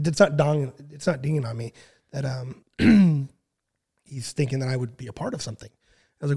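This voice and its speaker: A man in his thirties telling a long story in casual chat, with many fillers and frequent throat clearing. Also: medium pitch, normal speed. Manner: relaxed, filler-heavy, clears throat often. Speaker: podcast guest.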